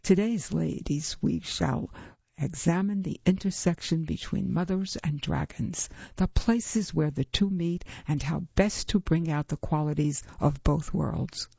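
A woman voicing a cold, amused dragon woman who teaches a class with dry, unhurried mockery. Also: vocal fry, warm tone, husky, dry recording, exaggerated voice. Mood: mocking. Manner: dry, mocking, unhurried lecturing. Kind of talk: audiobook reading. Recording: dull, low-fi recording.

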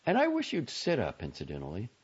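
A man's voice: medium pitch, wildly swooping pitch, fast talker, breathy edge, pitched above the performer's own voice, heavily acted. A man voicing a nervous, exasperated young woman in an audiobook reading, talking sharply and pleadingly. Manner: sharp, pleading, raised in heat. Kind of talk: audiobook character voice. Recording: dull lo-fi audio.

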